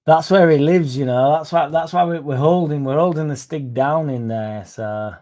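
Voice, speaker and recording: Guy chatting football on a livestream, dark mellow voice, sarcastic banter w/ chat. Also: fairly high pitch, normal speed. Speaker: fan channel host. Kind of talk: casual livestream chat reading comments.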